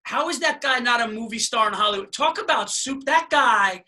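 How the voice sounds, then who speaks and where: A man's voice: very high-pitched, expressive, moderate pace, bright, forceful tone. A man hosting a podcast, chatting casually and enthusiastically with his guest. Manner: enthusiastic, conversational, says dude and man. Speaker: podcast host. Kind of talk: casual chat.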